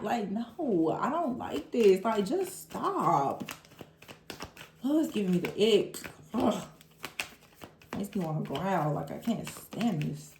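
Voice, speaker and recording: A woman talks through a tarot reading with lively exasperation, now and then mimicking the people she describes. Her voice sits in a middle range. The room around her adds a noticeable echo. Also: mid-range voice, unhurried, slight background noise. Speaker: tarot reader. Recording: roomy echo.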